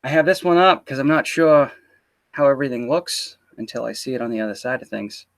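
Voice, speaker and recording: A man's voice: medium pitch, animated, a little fast. A man hosting a casual livestream interview, teasing and swearing loosely as he chats into a computer mic. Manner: teasing, profane, loose banter.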